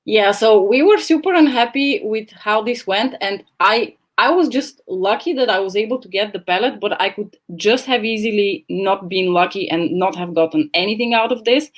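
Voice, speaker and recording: A woman's voice: medium pitch, moderate pace, hardly any pauses. A woman hosting a casual livestream from home, rambling and blunt, speaking into a laptop microphone. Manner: chatty, rambling, blunt and swearing. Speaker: livestream host. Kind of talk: casual chat. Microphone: laptop camera mic.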